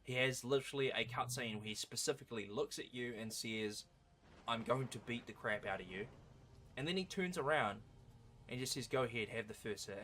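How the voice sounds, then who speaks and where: Aussie guy cracking jokes over his speedrun, lowish voice, noisy mic. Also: a bit bright. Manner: joking, sarcastic asides. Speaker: speedrunner commentator. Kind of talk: casual gameplay commentary.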